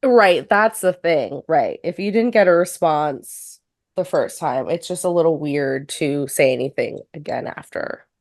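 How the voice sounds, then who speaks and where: A young woman co-hosting a podcast in casual chat, reacting quickly and agreeing with emphatic interjections. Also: deep voice, dry recording, studio quality. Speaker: podcast co-host.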